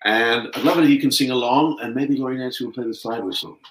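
A man's voice: mid-range voice, fast, a bit bright, echoey room, a little hiss or hum, low-quality recording. A man hosting a children's sing-along, singing playful wake-up songs with actions. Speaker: children's singer host. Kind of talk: singing along with guitar for kids. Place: home.

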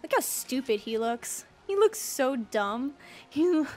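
Woman, high voice, unhurried delivery, excitable let's-play commentary, gushing and squealing, faint game music behind. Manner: silly joking asides. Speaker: gaming streamer.

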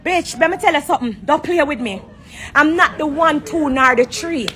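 A woman's voice: high-pitched, bright, forceful tone. A woman with a Jamaican accent in a heated, confrontational livestream rant, speaking on her phone from an airport corner. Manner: confrontational, fast and emphatic. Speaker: dancehall entertainer on a livestream. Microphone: phone held for a live video.

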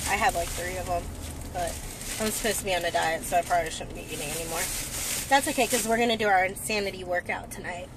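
A woman's voice: fairly low pitch, quick pace. A woman chatting playfully and teasing her partner while vlogging from a car. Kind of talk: casual vlog chat. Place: car and store. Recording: noisy car and street recording.

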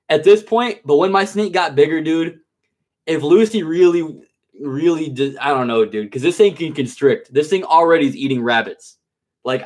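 A man with a voice on the high side chats casually with viewers during a live stream. Laid-back and slangy, he calls everyone bro and dude, and he turns nervous and coaxing while he handles a big snake.

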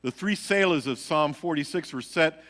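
A man's voice: fairly high pitch, moderate pace, fairly bright tone. A man preaching a casual, story-filled Bible study in a church, acting out quotes and laughing at his own stories. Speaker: pastor teaching a midweek Bible study. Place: church sanctuary. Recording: hall reverb, live church recording.

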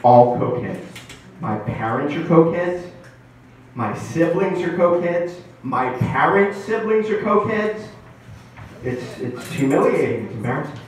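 A male comedian works an open-mic crowd with dry, self-deprecating setups and a lively voice. The sound is distant and washed in club reverb, with a faint hiss. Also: on the high side, measured pace. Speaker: stand-up comedian. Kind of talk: stand-up comedy set. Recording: echoey club mic heard from far off.

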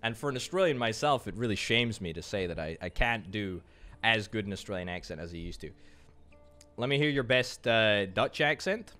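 A Scottish-accented man with a lowish voice, lively intonation and a pushed, bright tone chats casually during a gaming livestream. He answers viewers with fast jokes while faint music plays.

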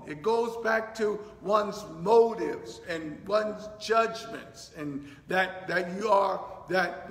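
A man preaches slowly in a high voice, working through scripture verse by verse and dropping in "thank you, Lord" between points. His words ring out in a church hall with a long echo. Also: fairly bright tone. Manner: teaching verse by verse, many fillers, says "thank you, Lord". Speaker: pastor. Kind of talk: sermon. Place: church sanctuary.

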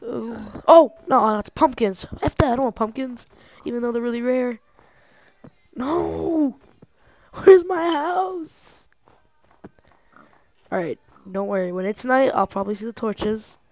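A young woman giving casual gameplay commentary, excitable and talking to herself, swearing and laughing often. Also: on the high side, normal speed, no echo. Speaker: gamer.

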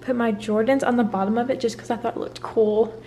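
A woman's voice: on the high side, steady tone, brisk, dark tone, slight background noise. A young woman in her apartment giving a chatty, rambling tour on her phone camera, a little out of breath. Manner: chatty and bubbly, rambling asides. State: slightly out of breath. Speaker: vlogger. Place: small apartment indoors.

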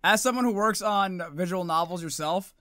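Let's play host, crude jokey man, high voice, bright tone. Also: moderate pace, no room sound, clean studio sound. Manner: crude, joking, laughs a lot. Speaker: gaming channel host. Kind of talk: casual let's play commentary.

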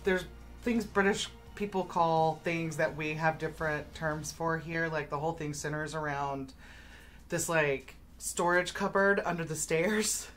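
Woman player at a game table; chatty, filler-heavy storyteller, low register. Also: fairly even intonation, a little slow, fairly bright tone, soft background music. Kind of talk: casual chat.

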